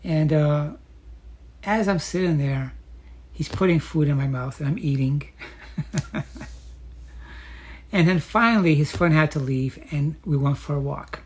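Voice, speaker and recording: Husky-voiced woman telling a story. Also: low-pitched, a little slow, long pauses. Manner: chatty and reflective, with frequent fillers. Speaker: vlogger telling her dating story. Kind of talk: casual personal storytelling.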